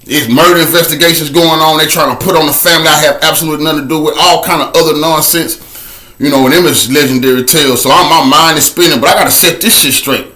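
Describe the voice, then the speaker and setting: A man tells his own story fast, in a casual and animated way, dropping to a low murmur for a repeated refrain.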